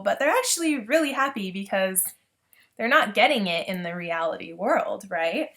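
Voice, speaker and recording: A woman reviewing a book in a casual vlog, chatty and enthusiastic, often saying "like". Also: mid-range voice.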